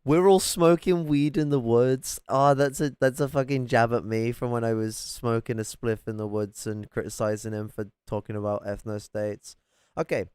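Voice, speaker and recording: A man ranting angrily and profanely as he reacts to political clips from his flat. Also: fairly low pitch, normal speed, clean tone, dry recording, clean studio sound. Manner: angry, profane, confrontational.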